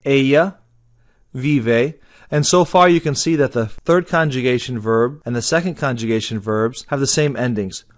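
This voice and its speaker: A man teaching a Spanish grammar lesson, spelling out verb endings letter by letter and mixing English with Spanish. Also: mid-range voice. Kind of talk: slow deliberate classroom lesson.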